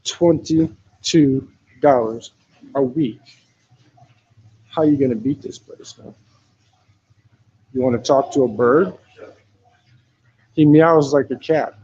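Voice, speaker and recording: A man's voice: mid-range voice, slow pace, pauses often, a little mellow, breathy edge, muffled recording. A man doing a casual live-stream walkaround of a hostel, talking into his phone. He is laid-back, swears often and keeps saying "man". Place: hostel in Thailand. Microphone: phone camera.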